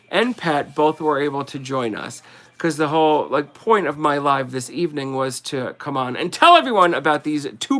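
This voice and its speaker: Bright-voiced New Jersey man, chatty. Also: a little high. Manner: rambling, chatty, laughs often. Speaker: livestream host selling collectibles. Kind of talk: casual livestream chat.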